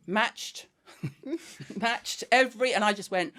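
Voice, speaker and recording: A middle-aged woman guest with a mixed Scouse and West London accent, telling a family story in animated, blunt chat and swearing freely. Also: medium pitch, measured pace. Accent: Scouse and West London mix. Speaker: guest, skincare founder.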